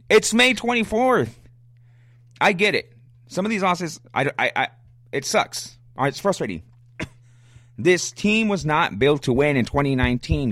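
A man in the middle pitch range talks fast and fired up on a fan podcast, blunt and repetitive, often stammering on restarts. The sound is close and dry, with no room around it. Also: a bit bright, no room sound. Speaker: sports podcast host. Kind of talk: casual fan commentary, answering listener questions.

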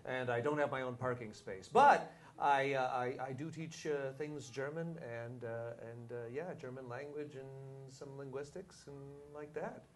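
Male podcast guest, average pitch, hesitant and stammering, self-deprecating humor. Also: moderate pace, a little hiss or hum. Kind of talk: casual interview chat.

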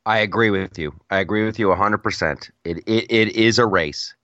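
On a casual political chat podcast, a male co-host rambles through stories, repeating words, laughing, and doing silly voices. His voice sits fairly low and sounds pushed and bright, and he speaks fairly quickly. The recording is dry and the audio dull.

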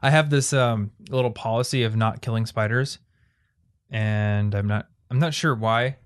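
A young man from Iowa hosting a podcast, telling stories in a loose, animated, rambling way with frequent restarts. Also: lowish voice, normal speed, clear, resonant tone. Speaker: podcast host. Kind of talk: casual chat.

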